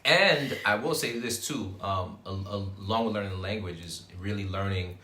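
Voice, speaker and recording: A man's voice: fairly low pitch, normal speed, bright, forceful tone, a little hiss or hum. Serious-sounding man chatting in an echoey room. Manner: serious, thoughtful, joking dryly. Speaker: co-host. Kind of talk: casual chat.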